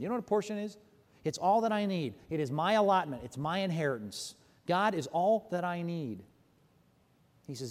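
A man preaching a sermon as a pastor, animated and emphatic, often stopping to correct himself. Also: sits high, normal speed, in a large hall.

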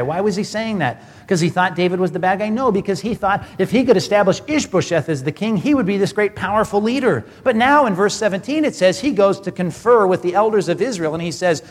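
A man's voice: sits high, animated, a little fast, few pauses, big-room sound. A pastor giving a conversational sermon, asking rhetorical questions as he preaches.

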